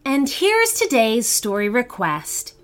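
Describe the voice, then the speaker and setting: A woman reading a storybook tale aloud as the host, with expressive, lively delivery. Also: on the high side, slow pace, soft background music. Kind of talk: scripted storybook narration.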